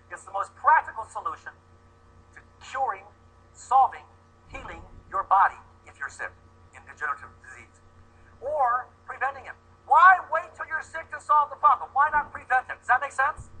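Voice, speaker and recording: Guy pitching to a room, high-ish bright voice, jokey, keeps asking the crowd stuff. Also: husky, low-quality recording. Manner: animated and joking, acts out quick voices; asks the audience questions. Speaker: presenter. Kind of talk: live sales presentation to an audience.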